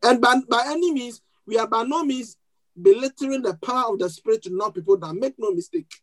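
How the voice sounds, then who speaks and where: A mid-range, brisk voice belongs to a foreign-accented pastor preaching at a church service, heard on a low-quality recording. He engages the congregation through questions and call-and-response, leaning on repeated key words and frequent restarts between phrases.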